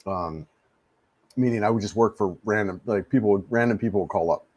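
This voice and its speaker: Laid-back man, low and dry. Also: brisk, a little mellow, dry recording. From United States. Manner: easygoing, rambling, repeats words. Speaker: live-stream host. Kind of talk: casual live-stream chat answering viewers. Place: home in the Philippines. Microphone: desk mic he adjusts.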